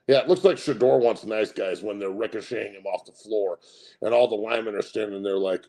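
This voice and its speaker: Gravelly, brash, profane host. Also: male voice, fairly low pitch, a little fast. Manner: loud, brash and profane, laughs often. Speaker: sports show host. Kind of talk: profane casual sports commentary.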